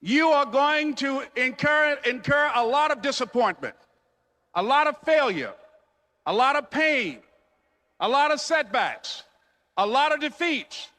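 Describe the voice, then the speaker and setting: A man's voice: very high-pitched, animated, measured pace, sharp tone. Emphatic man echoing through a hall. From United States. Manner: emphatic, repetitive preacher-like cadence. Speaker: motivational speaker. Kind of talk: motivational speech.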